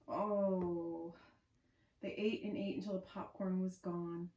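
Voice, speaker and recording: Animated storytime librarian, echoey room. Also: female voice, fairly low pitch, measured pace, a little hiss or hum. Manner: sing-song, animated, coaxing children to join in. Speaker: children's librarian. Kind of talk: preschool story time reading.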